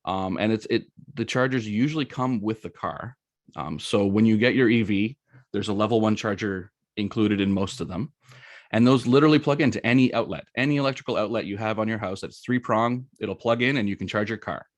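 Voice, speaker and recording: A talkative middle-aged man with a Canadian accent, speaking in a fairly low voice. He gives a relaxed presentation full of fillers, asides and little stories. The sound is dry and close, with almost no room echo. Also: a little fast. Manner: chatty, storytelling, lots of fillers and "right?". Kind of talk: casual presentation.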